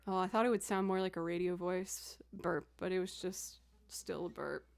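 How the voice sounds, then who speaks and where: A woman's voice: fairly low pitch, fairly even intonation, normal speed, gravelly. A woman musician chatting casually with her livestream viewers between songs. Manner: chatty, reading chat aloud between songs. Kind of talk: casual livestream chat while playing music. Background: looped instrument music.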